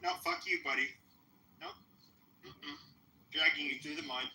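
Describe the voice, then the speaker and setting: A man's voice: on the high side, moderate pace, pauses often, sharp tone. A man hosting a podcast, delivering a profane, taunting, repetitive confrontational rant. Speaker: podcast host. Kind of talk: confrontational live-stream rant. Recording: roomy echo.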